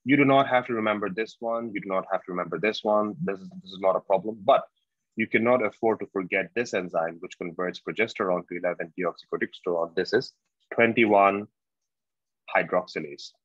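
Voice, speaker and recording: A man giving a medical exam prep lecture, slow and repetitive, quizzing his students as he goes. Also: deep voice, dry recording. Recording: dull, dry lo-fi lecture recording.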